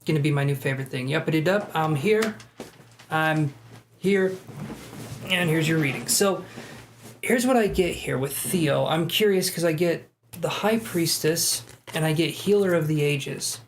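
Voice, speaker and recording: A live-stream tarot reader with an easygoing, chatty delivery and self-deprecating asides. The voice sits at a middling pitch. A faint background hiss runs under the talk. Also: measured pace.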